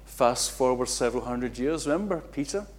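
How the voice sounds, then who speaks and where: Male pastor, middle-aged, animated sermon delivery with dramatic swings. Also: medium pitch, moderate pace. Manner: animated, acts out quotes with big swings in loudness. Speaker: preacher.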